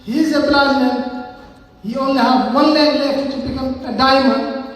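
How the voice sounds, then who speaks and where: A man in his forties with a Somali accent speaks in an unusually high voice, giving an earnest testimonial in short, plain sentences. He stands far from the microphone, and his voice rings through a long, echoing hall. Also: fairly even intonation, normal speed, a bit bright. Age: 40s. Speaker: network marketing speaker. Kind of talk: testimonial speech. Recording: echoey hall, far from the mic.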